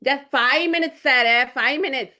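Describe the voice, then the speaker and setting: A woman's voice: sits high, a little slow, sharp tone. A woman voicing a bumbling, confident male cook who speaks broken English, in a storytelling session over a video call. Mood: earnest. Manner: confident, earnest, childlike reasoning.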